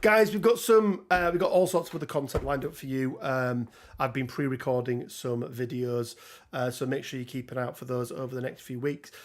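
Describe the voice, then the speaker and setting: A man's voice: medium pitch, a little fast. A man hosting a casual livestream chat, laughing often and filling gaps with ums. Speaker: host.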